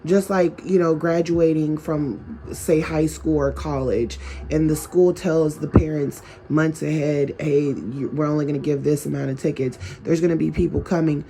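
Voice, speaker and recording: A man's voice: fairly high pitch, steady tone, moderate pace, vocal fry, hardly any pauses, mellow, a little hiss or hum. A man talking straight to his viewers in a casual advice monologue, chatty and full of rhetorical questions. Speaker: vlogger.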